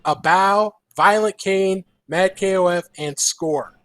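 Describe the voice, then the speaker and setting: A man co-hosting a live fighting-game show on a convention floor, giving measured predictions. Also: sits high, fairly bright tone, dry recording. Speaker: co-host. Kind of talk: live event commentary, making predictions. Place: large indoor convention hall floor.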